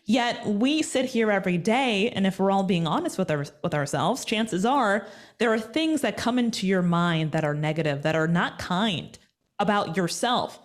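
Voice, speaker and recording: A woman guest in an interview, talking in an energetic, emphatic, motivational way. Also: medium pitch, moderate pace. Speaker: guest, media personality. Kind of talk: conversational interview.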